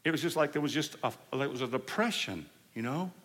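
A man preaching a sermon, telling healing stories in an animated way and acting out the people he quotes. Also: medium pitch, fairly quick. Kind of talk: storytelling sermon. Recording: hall reverb.

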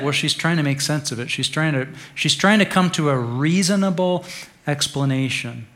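A male pastor preaching an Easter sermon in a conversational way, dropping to a hush and then rising to stress a point. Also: mid-range voice, brisk. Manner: conversational preaching, swings from hushed to emphatic.

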